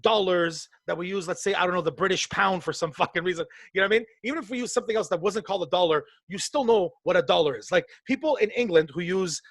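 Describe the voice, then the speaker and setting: A high-voiced man from Canada tells podcast stories in a loose, swearing, animated style. He slips into the voices of the people he quotes. The sound is dry and close. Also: quick pace, gravelly, few pauses, dry recording. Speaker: podcast co-host. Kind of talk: casual storytelling chat.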